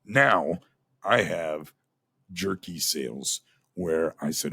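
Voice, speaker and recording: A man's voice: sits low, expressive, slow, gravelly, fairly bright tone, slightly rough, no room sound. A middle-aged man, a former radio host, telling a candid personal story in a plainspoken, aggrieved way. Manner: plainspoken, aggrieved, recounts dialogue in quotes.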